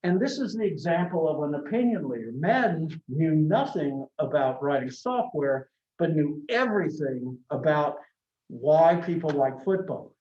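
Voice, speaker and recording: A man's voice: on the high side, animated, moderate pace, darkish tone. A man teaching a college marketing class, talking conversationally with anecdotes and frequent restarts. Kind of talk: classroom lecture. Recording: echoey classroom from a distant mic, dull sound.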